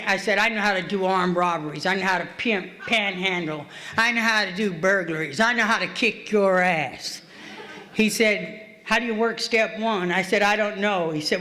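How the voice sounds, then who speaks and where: A woman's voice: medium pitch, moderate pace, pushed and bright. Blunt streetwise woman telling her recovery story. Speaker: recovery meeting speaker. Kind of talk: personal recovery story at a meeting. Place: meeting hall.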